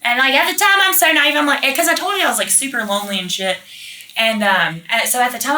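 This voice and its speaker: A woman's voice: on the high side, animated, fairly quick, sharp tone. A woman being interviewed, telling a rambling story in casual chat, full of swearing and fillers like "like" and "you know". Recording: roomy echo, mic at a distance.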